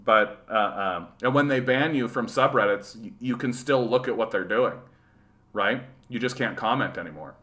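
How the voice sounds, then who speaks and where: A man from rural Manitoba hosting a casual livestream chat. His voice is bright and forward, and he rambles in loose, sarcastic asides, often ending his points with "right?". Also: on the low side, normal speed. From rural Manitoba, Canada. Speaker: livestream host. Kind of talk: casual livestream chat reading viewer comments.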